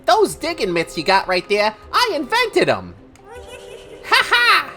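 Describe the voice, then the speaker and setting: A woman's voice: high voice, huge pitch swings, unhurried, bright, forceful tone, faint music behind, pitched above the performer's own voice, full character voice. A woman putting on a brash scheming cartoon cat.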